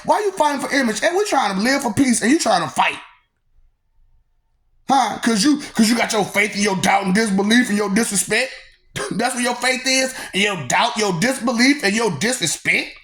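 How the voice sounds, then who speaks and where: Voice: medium pitch, animated, normal speed, fairly bright tone. A vlogger ranting to the audience in a rambling, teasing way, laughing often between lines and repeating words in a sing-song manner. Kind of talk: rambling rant to the camera.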